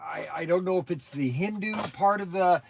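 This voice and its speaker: A man's voice: high-pitched, moderate pace, vocal fry, a little hiss or hum. A man hosting a casual livestream, talking in a chatty, rambling way with many restarts. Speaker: livestream host.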